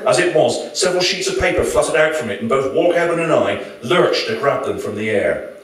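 A man's voice: medium pitch, expressive, a little fast, fairly bright tone. A male author reading his novel aloud to an audience at a live venue, with dry, wry storytelling. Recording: very echoey room, mic far off.

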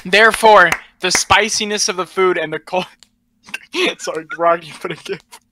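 A man's voice: sits high, moderate pace, bright, forceful tone, a little hiss or hum. A man playing a contestant in a joking group chat, making a mock-formal argument, laughing and stumbling over his words.

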